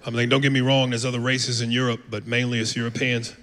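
A man's voice: medium pitch, little pitch movement, quick pace, very noisy. A man from the United States doing a brash, profane stand-up set on a comedy club stage. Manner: brash, profane, acts out accents. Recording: long hall reverb.

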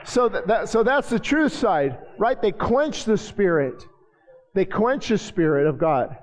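A man preaching a sermon in a church, joking with the congregation and building to shouted passages. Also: sits high, very animated, a little slow. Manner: jokey asides to the congregation. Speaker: pastor. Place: church sanctuary. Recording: hall reverb, dull lo-fi sound.

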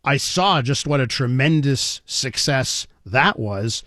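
A man's voice: medium pitch, expressive, takes it slowly, pushed and bright, no echo, clean studio sound. A man hosting an interview, asking questions in a chatty, playfully teasing way. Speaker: radio interview host. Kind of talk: conversational interviewing.

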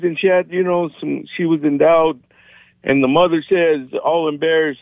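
Guy calling in with a joke, pretty high voice, tinny phone sound. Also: steady tone, moderate pace, no echo. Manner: chatty, storytelling. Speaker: caller. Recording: dry tinny phone line.

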